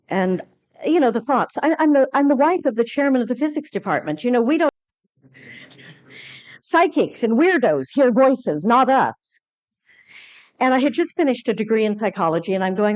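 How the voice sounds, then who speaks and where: A woman speaking at a conference, telling a personal story with lively acted-out dialogue and frequent fillers and restarts. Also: fairly high pitch, normal speed, lo-fi sound. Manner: animated storytelling, acting out quoted dialogue. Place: conference lecture hall.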